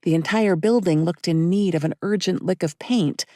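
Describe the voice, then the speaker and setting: Female audiobook narrator, steady and measured; low, mellow tone with a gravelly edge. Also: no echo, clean studio sound. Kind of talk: scripted narration.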